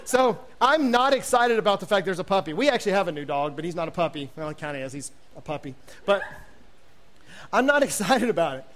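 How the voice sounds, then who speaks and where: A man, a youth pastor, telling a humorous story from the pulpit, animated and self-mocking, acting out the voices of people he quotes. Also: sits high, fast.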